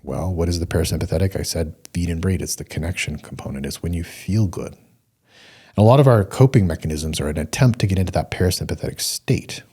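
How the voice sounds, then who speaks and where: A man's voice: sits low, a little fast, dark tone, husky. A middle-aged man hosting a solo talk show, speaking earnestly in a coaching way and repeating points for emphasis. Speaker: podcast host.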